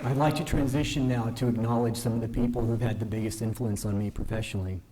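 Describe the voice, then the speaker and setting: A man giving a measured, earnest formal speech at a ceremony, modest and self-deprecating. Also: mid-range voice, steady tone, over a noisy crowd, very noisy. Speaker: newly invested justice giving a speech. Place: ceremony hall.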